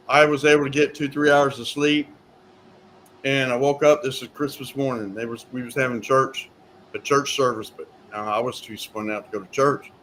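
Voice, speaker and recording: A man, a guest in an interview telling his story in a rambling, animated way, repeating words as he goes. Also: medium pitch, a little hiss or hum. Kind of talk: storytelling in a talk show interview.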